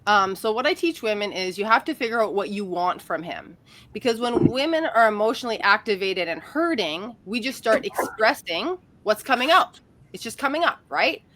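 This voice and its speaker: A woman's voice: mid-range voice, animated, normal speed, fairly bright tone. A woman relationship coach talking candidly and animatedly in a casual podcast conversation, laughing often.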